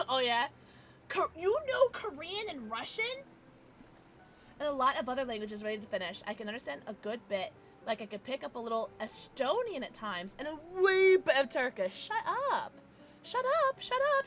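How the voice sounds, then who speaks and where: Bright, lively giggly woman streamer. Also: on the high side, slight background noise. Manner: giggly, chatty, reacting to chat. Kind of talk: casual chat with live viewers.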